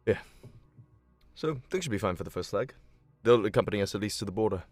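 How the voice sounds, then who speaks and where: A man's voice: fairly low pitch, lively intonation, fast, dry recording, faint music behind. A man voicing a male forest guide who keeps hounds, speaking in an easygoing, reassuring way. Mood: calm.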